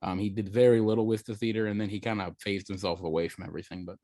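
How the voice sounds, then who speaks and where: A man's voice: fairly low pitch, steady tone, fast talker, mellow, dry recording, studio quality. A married man chatting casually on a podcast, recalling old times with easy chuckles. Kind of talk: casual chat, reminiscing.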